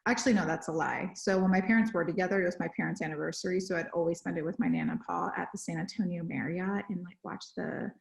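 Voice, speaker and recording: A young woman chats on a home podcast, rambling and correcting herself as she goes. Her voice sits on the low side with a gravelly fry. The room adds a noticeable echo around her. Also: fast, hardly any pauses. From Texas. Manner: rambling, lots of fillers and self-corrections. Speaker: podcast co-host. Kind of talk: casual chat.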